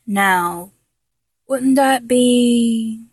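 Young woman, dominant role-play voice, mocking and teasing, very unhurried delivery, dry close sound. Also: medium pitch, no room sound. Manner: taunting and mocking, with frequent laughter; drops to a whisper at times.

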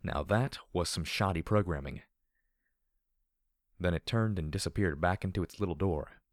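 A man reads a dark adventure story aloud in a steady, measured way. His voice sits very low, and the sound is dry and close with no echo at all. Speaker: narrator. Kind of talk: audiobook reading of dark fan fiction.

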